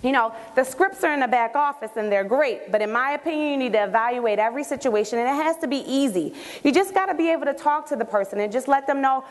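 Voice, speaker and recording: High-voiced woman coaching a crowd. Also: fast talker. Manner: energetic, coaching, asks the audience questions. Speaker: network marketing trainer. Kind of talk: live training talk to an audience. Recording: echoey hall with long reverb.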